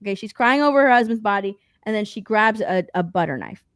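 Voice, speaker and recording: A woman co-hosting a casual podcast, recapping a movie in an animated, profane way and acting out the characters' lines. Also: medium pitch, quick pace, no echo. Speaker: podcast co-host.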